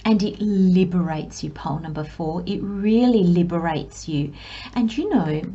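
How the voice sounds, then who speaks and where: A woman giving a pick-a-card tarot reading who speaks to viewers as piles, reflective and gently encouraging, with self-deprecating asides. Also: fairly low pitch, measured pace, breathy edge, dull audio. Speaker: tarot reader.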